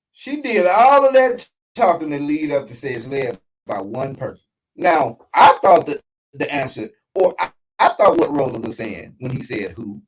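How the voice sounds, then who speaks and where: A man hosting a casual reaction commentary show, talking in an animated, slangy way with frequent asides. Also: on the high side, low-quality recording. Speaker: show host reacting to a clip.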